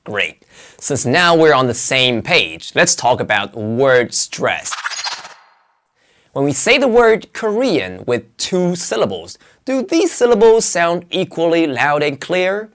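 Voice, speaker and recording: An English pronunciation teacher giving a scripted lesson narration, with clear, emphatic delivery and dramatic pitch swings. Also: big pitch swings, takes it slowly, fairly bright tone.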